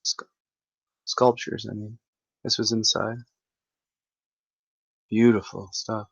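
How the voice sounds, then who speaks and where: Rambling, halting man, dry sound. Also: lowish voice, gravelly, slightly rough, no echo, highs cut off. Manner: halting, many restarts and fillers; excitable, marvelling. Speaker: vlogger recounting a visit. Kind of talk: rambling casual storytelling.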